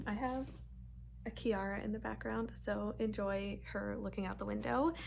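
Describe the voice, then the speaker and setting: A young woman chatting casually in a reading vlog, animated and exasperated, with lots of "like" fillers. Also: medium pitch, moderate pace, gravelly, slight background noise. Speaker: book vlogger.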